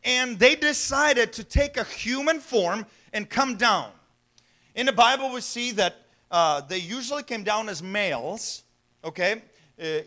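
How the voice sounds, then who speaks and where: A male pastor preaching with a strikingly high, bright voice. He keeps it conversational, tossing rhetorical questions to the congregation and chuckling along the way. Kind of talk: sermon.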